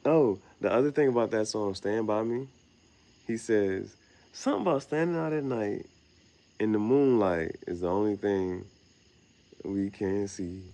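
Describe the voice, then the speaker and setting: On a quiet night outdoors, a young male vlogger rambles to himself in loose slang, meandering from thought to thought at a measured pace. His low voice has a gravelly rasp, he chuckles at his own phrasing now and then, and crickets chirp softly behind him.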